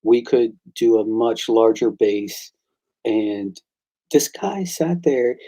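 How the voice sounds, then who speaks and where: A man chats casually about his own comic work and tells stories with enthusiasm, acting out the exchanges he describes. His voice is mellow and a little husky, at a middle pitch. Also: slow pace, rough recording. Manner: excitable storyteller, acts out quoted exchanges. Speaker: comic book creator and artist. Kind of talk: casual chat.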